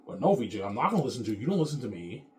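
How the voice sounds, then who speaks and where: A man's voice: mid-range voice, very animated, racing, dark tone, slight background noise. A man in his thirties ranting casually to camera, rambling and profane. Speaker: vlogger.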